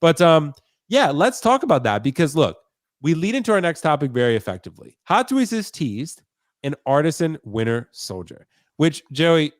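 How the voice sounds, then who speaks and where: A man hosting a casual collectors' chat, excited and chatty, sounding congested from a cold. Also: fairly high pitch, normal speed, no echo, studio quality. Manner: excited, chatty, says dude a lot. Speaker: host.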